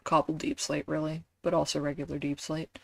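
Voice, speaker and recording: A woman's voice: deep voice, flat delivery, fairly quick, vocal fry, dry recording. A woman streaming a game, chatting casually and rambling with lots of fillers and self-deprecating asides.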